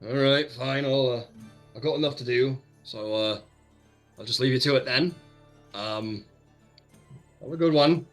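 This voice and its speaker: A man's voice: medium pitch, measured pace, long pauses, faint music behind, close to an everyday voice. A man voicing a frazzled male ship's hand who is distracted and mildly suspicious, in a tabletop game. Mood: grudging.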